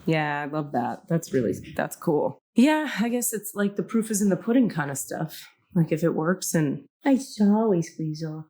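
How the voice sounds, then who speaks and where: A woman's voice: low voice, animated, normal speed, few pauses, warm tone. A woman hosting a podcast in casual chat, supportive and playful with her guest. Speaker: podcast host.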